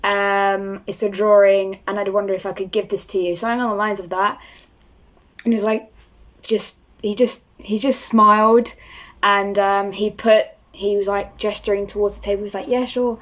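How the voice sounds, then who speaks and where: A woman's voice: medium pitch, flat delivery, moderate pace. A young woman, talking casually to camera as a vlogger and rambling with lots of fillers. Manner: rambling, starstruck, many fillers.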